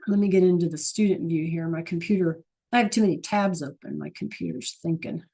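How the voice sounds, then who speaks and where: A woman's voice: lowish voice, dark tone, breathy edge. A woman teaching an online Spanish class, patient and coaxing, asking students question after question over a computer mic.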